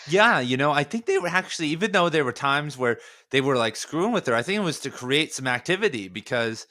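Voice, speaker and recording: A man's voice: a little high, lively intonation, a little fast, pushed and bright. A man hosting a casual podcast conversation, musing aloud in long rambling stretches full of fillers. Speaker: podcast host.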